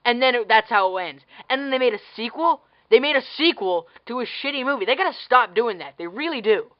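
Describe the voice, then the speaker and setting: A woman's voice: a little high, animated, fast talker, lo-fi sound. Blunt, sarcastic woman ranting. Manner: blunt, sarcastic, swears freely; exasperated, incredulous questions. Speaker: vlogger reviewing a movie. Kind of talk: casual ranting review.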